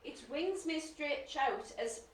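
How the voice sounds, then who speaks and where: Woman reading bird facts, high voice, roomy echo, heard from a distance, faint hum. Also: expressive, slow. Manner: chatty, laughing, informative. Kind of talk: casual chat with read-out facts.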